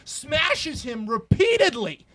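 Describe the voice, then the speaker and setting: A man with a high voice tells an over-the-top movie pitch like a comedian on a podcast, swearing freely and jumping into characters' quoted lines. The sound is dry and close to the mic, with no room around it. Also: dry recording. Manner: animated, profane, acts out characters' lines in quick quotes.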